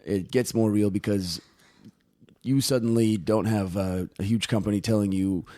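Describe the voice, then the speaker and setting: Low-voiced male guest, dry close sound. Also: steady tone, moderate pace, dark tone, no echo. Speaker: podcast guest. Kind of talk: casual podcast chat.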